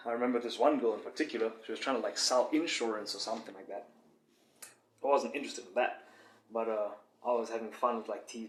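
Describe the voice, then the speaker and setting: A man's voice: mid-range voice, echoey room. A young man in a casual vlog monologue, talking in a boastful, rambling way with many fillers.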